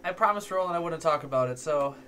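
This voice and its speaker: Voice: mid-range voice, fast talker, pushed and bright, a little hiss or hum. A tabletop game player chatting in a rambling, easily amused way. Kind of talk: casual tabletop play chat.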